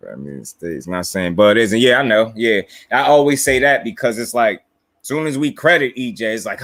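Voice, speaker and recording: With a mid-range, slightly bright voice and lively intonation, a New Jersey man hosts a casual boxing stream at a moderate pace. He's slangy and easygoing, chuckling over viewer comments. The recording is dry.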